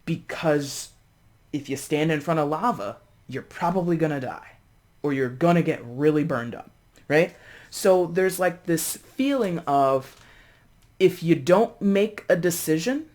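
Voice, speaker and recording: A tarot reader in a casual, chatty reading to camera, expressive and full of fillers and restarts, calling viewers friends. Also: medium pitch, a little slow. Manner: breezy, addresses viewers as friends.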